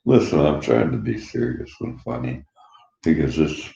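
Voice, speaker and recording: A man in his sixties with a gravelly voice, rambling bluntly and profanely and laughing between remarks. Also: a bass voice, normal speed, dark tone. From Canada. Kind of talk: rambling personal monologue. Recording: dull echoey room recording.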